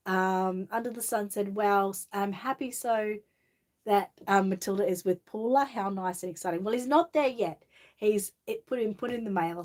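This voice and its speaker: A woman's voice: mid-range voice, a little mellow. An Australian woman hosting a casual livestream, reading viewer comments aloud and answering them in a chatty, friendly way. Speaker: livestream host.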